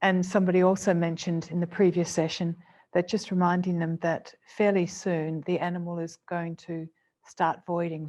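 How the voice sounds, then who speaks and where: A woman clinical psychologist presenting a seminar to a live and online audience, speaking earnestly and gently and repeating phrases for emphasis. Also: fairly low pitch. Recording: dull lo-fi webinar audio.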